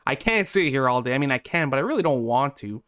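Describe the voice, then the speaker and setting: Young male gaming commentator, smooth clear voice, mid pitch; exasperated, hopeful one moment and deflated the next. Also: sing-song, fast talker, a bit bright. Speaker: gaming YouTuber. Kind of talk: gameplay commentary.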